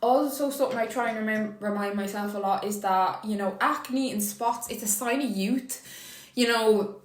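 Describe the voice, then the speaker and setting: Recorded in low quality with a lot of reverb, a young woman from Ireland vlogs about beauty as she puts on makeup. Her mid-range voice moves at a moderate pace, and she's chatty, emotional and casually profane.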